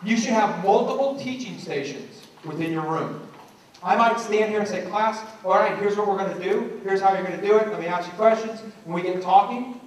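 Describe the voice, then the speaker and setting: Here a middle-aged man with a high-pitched voice speaks fairly quickly, animatedly acting out voices in the stories he tells during a motivational talk for teachers. He works as an education speaker. The sound is distant and echoey, with slight background noise.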